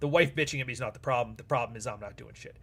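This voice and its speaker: A man's voice: mid-range voice, racing, pushed and bright. A man hosting a live stream, talking casually and bluntly with plenty of swearing and acting out back-and-forth dialogue as he answers super chats. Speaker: livestream host.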